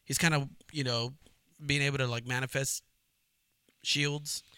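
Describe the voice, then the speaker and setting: Laid-back podcast co-host, slangy, bright forceful tone, dry sound. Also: male voice, mid-range voice, fairly even intonation, a little slow, clean tone, no echo. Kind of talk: casual chat.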